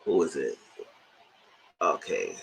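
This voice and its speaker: A man's voice: a bass voice, takes it slowly, creaky. Opinionated man doing casual TV commentary. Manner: animated, opinionated, talks straight to viewers. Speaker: host reviewing reality TV.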